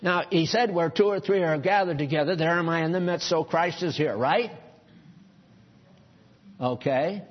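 A man's voice: on the high side, normal speed, pauses often, dull audio. A man preaching a sermon in a church, folksy and conversational, chuckling at his own asides.

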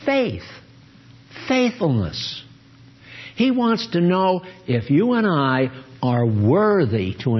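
A man's voice: sits high, slightly rough. A man preaching a sermon and teaching from the Bible, often asking his listeners questions. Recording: dull lo-fi recording.

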